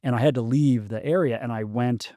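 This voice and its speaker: A man in his forties telling a personal story as a podcast guest, halting and restarting often with many ums. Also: mid-range voice, warm tone, no echo. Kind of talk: casual storytelling conversation.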